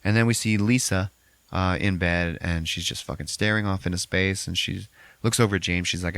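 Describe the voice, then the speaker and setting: A man hosting a podcast, recapping a movie in a casual, profane, animated way and acting out the characters. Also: low-pitched, normal speed, no room sound. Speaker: podcast host.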